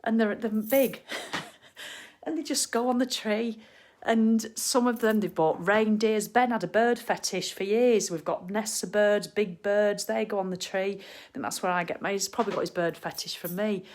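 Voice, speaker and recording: Speaking at normal speed in a medium-pitched, slightly mellow voice, a middle-aged woman chats with viewers on a live stream from her home living room. She's cheerful and blunt, laughing and swearing mildly.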